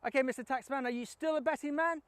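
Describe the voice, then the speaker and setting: A man's voice: extremely high pitch, fairly even intonation, fast talker, a bit bright, no room sound, pitched above the performer's own voice. A man voicing a sly older gambler who talks in a polite, coaxing way. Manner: polite, coaxing, repeats "Mister Taxman". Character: sly older male gambler, calm and wheedling.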